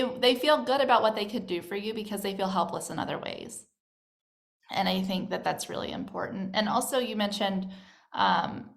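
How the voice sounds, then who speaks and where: Woman host, conversational and affirming, mid-range voice. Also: mid-range voice. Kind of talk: conversational webinar hosting. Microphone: video call microphone.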